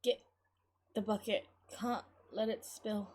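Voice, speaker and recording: Woman voicing a gruff stubborn old grandmother. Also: medium pitch, lively intonation, brisk, close to an everyday voice. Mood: weak. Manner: gruff, scolding, swears.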